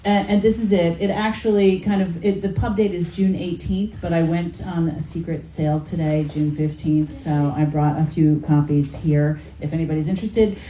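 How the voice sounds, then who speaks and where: A woman's voice: fairly low pitch, steady tone, normal speed, hardly any pauses, dark tone. A woman author chatting at a bookstore event, talking with many fillers and restarts. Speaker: author in conversation. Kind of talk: casual chat at bookstore event. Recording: roomy hall, faint background noise.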